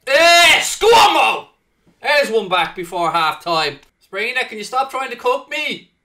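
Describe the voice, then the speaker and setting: A man giving let's-play commentary on a football game, swearing freely and swinging between low muttering and loud outbursts. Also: lively intonation, moderate pace. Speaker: gaming channel host.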